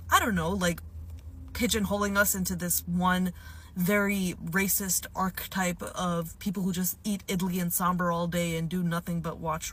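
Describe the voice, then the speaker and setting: A woman's voice: fairly low pitch, a bit bright. A woman from Hyderabad speaking in a casual vlog, frustrated and lecturing her viewers. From Hyderabad, South India.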